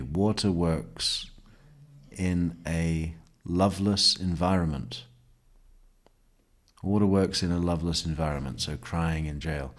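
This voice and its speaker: Male true crime commentator, slow and deliberate, low voice, sardonic with lots of laughter. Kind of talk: reading testimony aloud with commentary.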